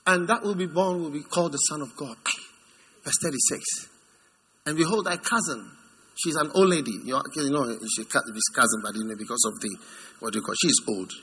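Animated male preacher doing a sermon, bright ringing voice, acts out the characters in silly voices, faint room sound behind. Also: fairly quick, a little hiss or hum. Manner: animated, swings from high mocking voices to low intimate tones; acts out Bible figures and church members in put-on voices.

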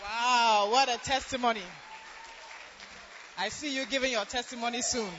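Man hosting a church service, announces loudly, dull recording with crowd noise. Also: extremely high pitch, fairly even intonation, normal speed. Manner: calls out to the crowd. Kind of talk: announcing to a congregation.

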